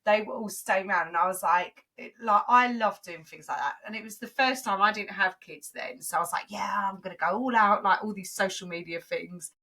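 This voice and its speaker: A woman, co-hosting a casual chat and telling lively stories, acting out the people she quotes. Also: a little fast, few pauses. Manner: animated storyteller, acts out quotes in high shrieks. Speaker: podcast co-host.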